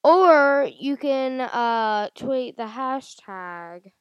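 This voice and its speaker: A woman's voice: high voice, lively intonation, very slow, smooth, no echo, muffled recording. A woman hosting her own casual podcast. She chats loosely and rambles, with lots of fillers and restarts. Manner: rambling, chatty, many fillers. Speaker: podcast host. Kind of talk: casual solo podcast chat. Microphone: handheld audio recorder.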